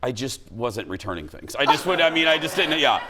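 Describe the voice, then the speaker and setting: A man hosting a talk show, chatting casually and telling stories with lots of animation, often switching to high voices for quoted lines. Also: sing-song, a little fast, noisy background. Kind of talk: casual studio chat.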